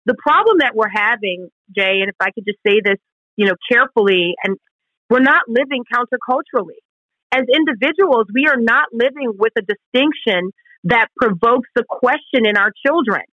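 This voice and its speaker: A woman co-hosting Christian talk radio speaks at normal speed in a high-leaning voice with lively intonation. She explains Scripture earnestly and emphatically, performing quoted questions, over lo-fi audio with no room sound.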